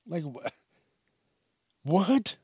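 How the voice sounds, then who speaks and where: A man's voice: sits high, big pitch swings, extremely slow, warm tone, slightly rough, no echo, clean studio sound. Profane, laughing man riffing on news. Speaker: news commentary host. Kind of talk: casual comedic news commentary.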